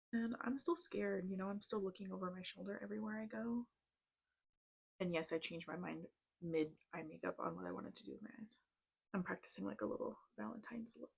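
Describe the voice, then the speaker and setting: Gravelly, husky woman in her thirties. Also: medium pitch. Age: 30s. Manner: chatty, lots of "like", tense retelling. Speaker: vlogger. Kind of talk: casual storytime while doing makeup.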